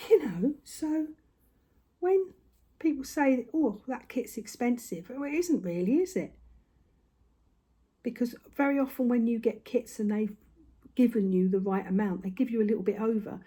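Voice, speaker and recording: Chatting casually to camera in her home, an older craft vlogger has a slightly high, animated voice that's warm with a breathy edge. She talks at normal speed but pauses often, sounds a bit out of breath, and rambles with lots of tag questions.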